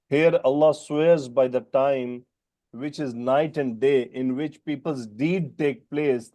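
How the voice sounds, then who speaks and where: A man's voice: on the high side, mellow. A male teacher with non-native English, giving a Quran grammar lesson and quizzing students by name. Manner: questioning students by name, explaining terms slowly.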